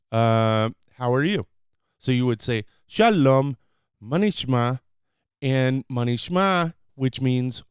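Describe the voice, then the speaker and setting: A man talks through his own podcast at an easy, unhurried pace, his voice smooth and clear. The sound is dry and close. He rambles casually with plenty of fillers, breaking now and then into sudden excited bursts. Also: mid-range voice, dry recording. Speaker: podcast host. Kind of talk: casual solo podcast, teaching phrases.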